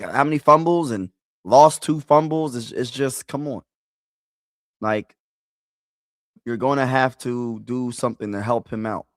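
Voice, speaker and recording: A man giving excitable, slangy live play-by-play and reaction on his stream, his voice rising when he calls big plays. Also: medium pitch, dry recording, clean studio sound. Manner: excitable, slangy, talks to viewers as "bro"; rises loudly when calling big plays. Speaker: sports streamer.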